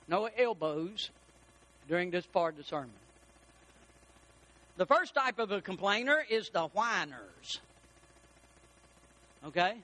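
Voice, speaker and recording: A man preaching a sermon as pastor, animated and rising to shouts for emphasis. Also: high-pitched.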